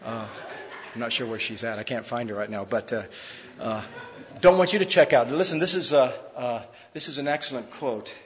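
A man preaching a sermon in an emphatic, conversational way, swinging between loud, pressing lines and hushed ones, with frequent fillers. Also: medium pitch, expressive, moderate pace, big-room sound, highs cut off. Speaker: pastor.

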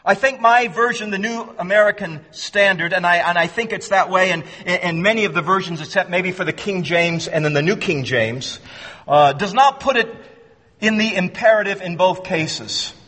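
A man preaching an expository sermon, earnest and emphatic, often repeating words as he restarts and slowing down to stress key phrases. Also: high voice, sharp tone. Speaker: pastor. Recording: long hall reverb.

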